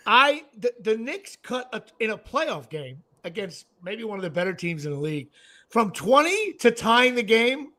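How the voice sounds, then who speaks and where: High-voiced excitable New man. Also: normal speed. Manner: excitable storyteller, laughs often and acts out quotes. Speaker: podcast host. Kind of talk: casual sports chat.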